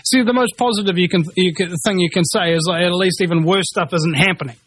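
A man's voice: sits high, quick pace, fairly bright tone, husky, no echo. A man ranting angrily in a rambling monologue, swearing and restarting his sentences as he reacts to a news article. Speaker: commentator reading news.

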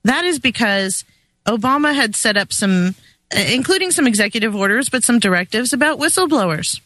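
A woman co-hosting a political talk show, explaining at a measured pace with some fillers. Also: on the high side, animated, fairly bright tone, dry recording.

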